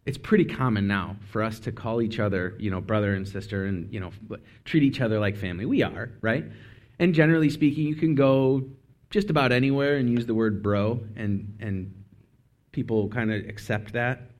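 A man preaching a casual, conversational sermon, full of asides and quick self-corrections. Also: lowish voice, darkish tone. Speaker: speaker.

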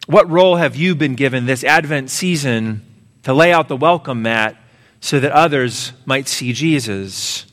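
A man's voice: mid-range voice, measured pace, fairly bright tone. A man preaching a sermon as pastor, emphatic and urging, acting out a story with quoted voices. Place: church sanctuary. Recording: long reverb of a large hall.

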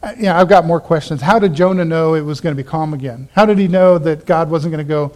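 A man pastor preaching a sermon, animated, acting out the Bible characters in quick asides. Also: on the high side.

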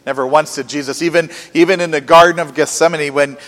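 Preacher, male, slightly high voice, earnest sermon with rhetorical questions, long hall reverb. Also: steady tone, quick pace, a bit bright. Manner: earnest, rising and falling with emphasis, rhetorical questions.

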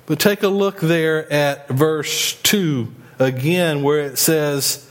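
A man's voice: fairly high pitch, slow, hardly any pauses, a bit bright. A man preaching a sermon in a folksy, emphatic way. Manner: folksy, emphatic preaching with rising and falling delivery. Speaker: pastor.

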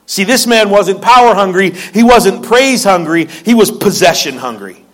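Man, pastor; high voice, casual sermon delivery. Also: normal speed, few pauses, a bit bright. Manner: conversational, joking asides, repeats words.

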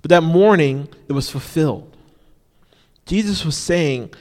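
Unhurried and lively in his intonation, a man with a fairly high, slightly mellow voice gives a casual sermon. He leans on repeated key phrases and frequent "you know"s, all echoing with the long reverb of a big hall.

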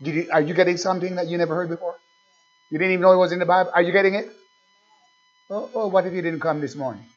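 Animated male pastor preaching. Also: high-pitched, very fast, pauses often. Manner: animated, rhetorical questions to the congregation. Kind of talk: sermon. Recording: dull lo-fi recording with faint music.

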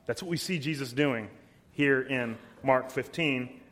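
A man preaching an expository sermon, emphatic and deliberate, reading scripture verses aloud between his comments. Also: medium pitch, a bit bright. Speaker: pastor.

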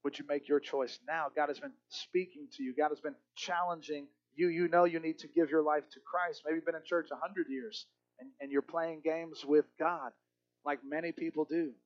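A man preaching a sermon in an earnest way, often dropping to a hush for emphasis. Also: fairly high pitch, fairly even intonation, normal speed, lo-fi sound.

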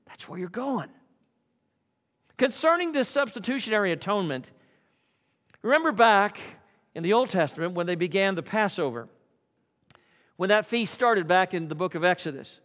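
A man preaching an evening church sermon, swinging from loud fervent calls to hushed quiet passages. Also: high voice, animated, moderate pace, long pauses, big-room sound. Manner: dramatic swings from loud fervor to hushed tones. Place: church sanctuary.

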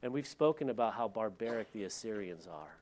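A man's voice: fairly low pitch, expressive, brisk, darkish tone, slight background noise. A man, a pastor, preaching a sermon in a conversational way with joking asides.

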